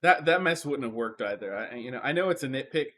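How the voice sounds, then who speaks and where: A man co-hosts a casual movie review podcast and chimes in often. His speech is animated, with a lively pitch that swings widely at mid height. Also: fast, slight background noise. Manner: animated, chiming in. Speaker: podcast co-host.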